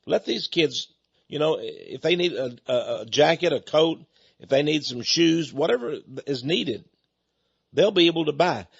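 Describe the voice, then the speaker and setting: A man's voice: fairly high pitch, expressive, a little slow, gravelly, slightly rough, lo-fi sound. A man hosting a radio talk show, making a folksy, chatty appeal to listeners and often repeating his words.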